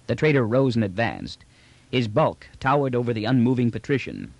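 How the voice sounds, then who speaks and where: A man narrating an audiobook in measured storytelling fashion. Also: mid-range voice, sing-song, vocal fry, dry recording, dull audio. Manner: measured storytelling voicing each character.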